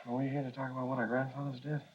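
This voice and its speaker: An actor playing a polite, guarded young politician who speaks in measured tones, in dull film audio. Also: male voice, mid-range voice, little pitch movement, breathy edge, lightly acted.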